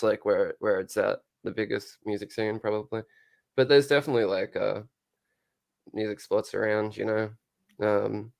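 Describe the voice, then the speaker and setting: A man in a casual interview, talking in a dry, low-key, near-monotone way. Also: creaky. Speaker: guest, show co-host and musician.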